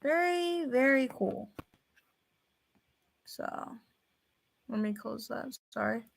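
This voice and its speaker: A young woman in casual reaction commentary, excitable, thinking out loud with fillers and repeated phrases. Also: a little high, slow, creaky. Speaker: reaction video host.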